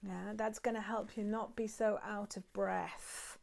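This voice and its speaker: A woman teaching acupressure and breathing, guiding listeners calmly step by step while she demonstrates on her own hands. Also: medium pitch, measured pace, gravelly. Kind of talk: guided acupressure and breathing instruction.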